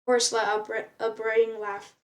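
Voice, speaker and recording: A woman's voice: on the high side, monotone, normal speed, distant mic. A woman reading a novel aloud in an unpolished way, often stumbling and restarting words. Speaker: reader.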